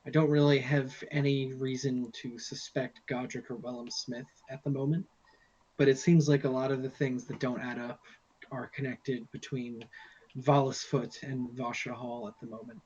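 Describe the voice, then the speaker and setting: A man's voice: mid-range voice, flat delivery, normal speed, darkish tone, slightly rough, dull audio. A man playing a tabletop game, reasoning things out casually. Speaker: player.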